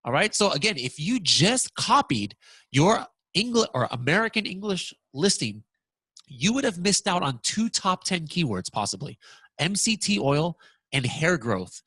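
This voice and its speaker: A man presenting a software walkthrough lesson, talking excitedly and stammering when surprised. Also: a little high, unhurried, slightly rough, dry recording.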